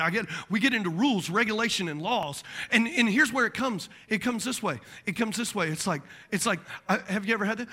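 A man with a very high, bright, piercing voice preaches a sermon to his congregation. He is middle-aged and animated, joking as he acts out little quoted voices and drops into muttered asides. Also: fast, hardly any pauses. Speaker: pastor.

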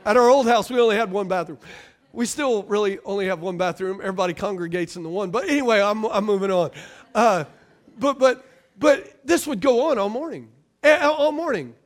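A middle-aged man preaching a sermon as pastor, calling out to the congregation and swinging between loud and quiet. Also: sits high, brisk.

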